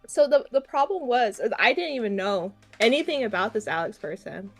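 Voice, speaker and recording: A woman's voice: on the high side, lively intonation, fairly quick, faint music behind. A woman co-hosting a podcast, telling a story in casual chat, often laughing, swearing and restarting her sentences. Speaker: podcast co-host.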